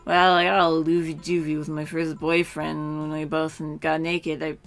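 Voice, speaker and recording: Lady reading as a drunk bartender girl, slurry and teasing, low gravelly voice. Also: exaggerated voice. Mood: giggly. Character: tipsy young woman bartender, teasing and blunt. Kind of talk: reading game dialogue aloud.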